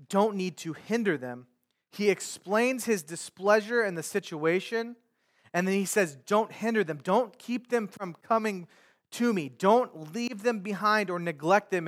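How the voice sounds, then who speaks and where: A man's voice: high voice, fairly bright tone. A male pastor preaching a sermon in a conversational way, paraphrasing scripture in everyday speech.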